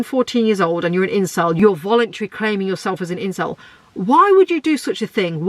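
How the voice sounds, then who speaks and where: A woman's voice: a bit bright, dry recording. A woman, hosting a solo podcast in a blunt, outspoken, ranting way. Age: 20s. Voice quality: deep voice. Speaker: podcast host.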